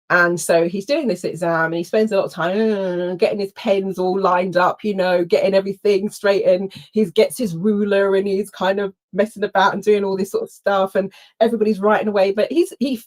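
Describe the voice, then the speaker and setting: A middle-aged woman, telling a personal story in an animated way, acting out quotes and laughing often. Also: medium pitch. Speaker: workshop host. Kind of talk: storytelling talk.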